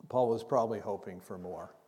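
A man preaching a sermon as pastor, conversational and unhurried, acting out scripture dialogue as he teaches. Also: lowish voice, a little mellow. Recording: long hall reverb.

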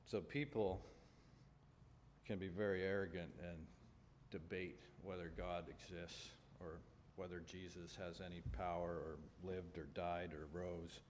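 A man with a very low voice preaches to a congregation in a large room. His delivery is earnest and measured, with pauses and restarts as he works through scripture. The sound carries a long reverb tail over faint background noise. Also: flat delivery. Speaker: pastor. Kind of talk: sermon with scripture reading.

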